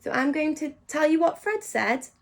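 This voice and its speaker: A woman teacher giving a phonics lesson to young children. She praises them often and slows down to sound out words. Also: sits high, vocal fry. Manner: animated and encouraging, praising often.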